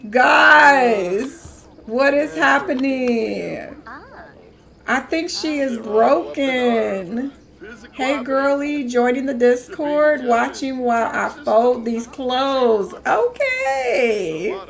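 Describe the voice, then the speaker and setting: A woman's voice: high-pitched, extremely slow, creaky, fairly bright tone. A young woman chatting casually while live-streaming a game, talking back to the characters on screen.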